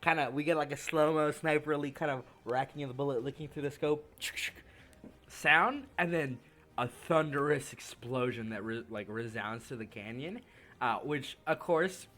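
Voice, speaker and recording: A man's voice: mid-range voice, normal speed, fairly bright tone. A man narrating a tabletop game as game master, loose and laughing, full of fillers.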